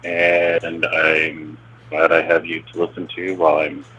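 A man's voice: very deep voice, completely flat delivery, unhurried, bright, forceful tone, dull audio. A man leaving a short friendly voicemail, a bit exasperated. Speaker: caller. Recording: voicemail call with faint hiss.

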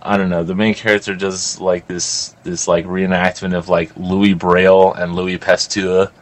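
A man's voice: sits low, flat delivery, normal speed. A young man telling a rambling, crude story in casual chat, full of "like".

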